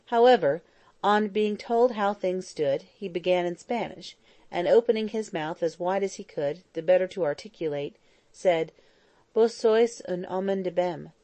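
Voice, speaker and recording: Woman, audiobook narrator, steady reading, warm mellow tone, dry close recording. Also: lowish voice, moderate pace, no room sound. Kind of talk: scripted narration.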